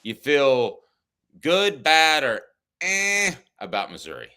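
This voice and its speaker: A man's voice: mid-range voice, huge pitch swings, slow pace, sharp tone, smooth. A middle-aged man co-hosting a casual sports talk podcast, arguing and teasing his partner. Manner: argumentative, teasing. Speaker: podcast co-host.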